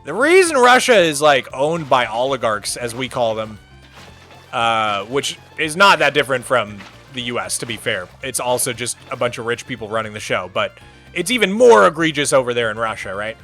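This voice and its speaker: A man in his thirties chatting casually on a live game stream, rambling in an animated way with lots of filler words. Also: mid-range voice, normal speed, faint music behind. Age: 30s.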